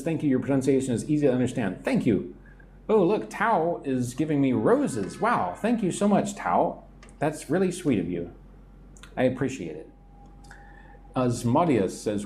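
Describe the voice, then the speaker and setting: American male English teacher, live stream on a phone, chatty, responds to viewer comments, expressive pitch. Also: a little hiss or hum. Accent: General American. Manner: chatty, reads viewer comments aloud and answers them.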